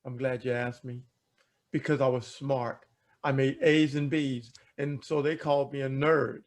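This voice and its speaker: A man telling a personal story in an animated way, asking rhetorical questions and repeating words as he talks. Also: mid-range voice, a little slow. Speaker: speaker telling a life story. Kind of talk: storytelling talk.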